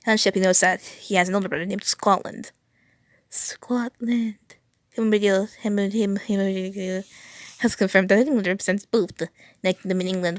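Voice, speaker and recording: Young woman reading stuff out loud, keeps tripping over words and fixing them, kinda low voice, dry sound. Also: no echo. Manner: stumbling, self-correcting reading with exasperated asides. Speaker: video creator. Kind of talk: reading aloud with reactions.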